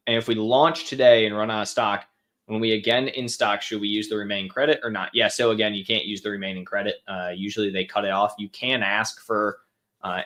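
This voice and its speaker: Young guy on a live q&a stream, kinda low voice, rambly and casual, lots of ums. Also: a bit bright. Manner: offhand, chatty, many fillers and restarts. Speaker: host answering viewer questions.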